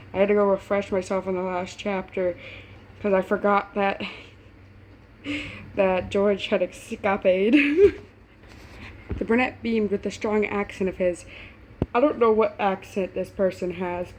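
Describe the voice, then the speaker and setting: Eine Frau liest zu Hause Fan-Fiction vor, plaudernd, stolpert über Wörter, mit leichtem Rauschen im Hintergrund. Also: female voice, medium pitch, darkish tone, a little hiss or hum. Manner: chatty, laughing asides, stumbles over words. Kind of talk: casual reading aloud with asides.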